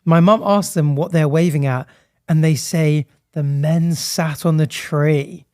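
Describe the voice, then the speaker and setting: Male podcast co-host, high-pitched, playful and giggly, casual banter. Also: fairly even intonation, measured pace, darkish tone. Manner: playful, laughs often, acts out little voices. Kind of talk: casual comedic chat. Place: studio on a high floor.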